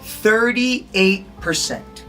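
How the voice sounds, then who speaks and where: A man's voice: high voice, lively intonation, extremely slow, a bit bright, soft background music. A man teaching a lesson as an acting instructor, quizzing his listeners and acting out tones of voice. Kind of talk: recorded lesson to an audience.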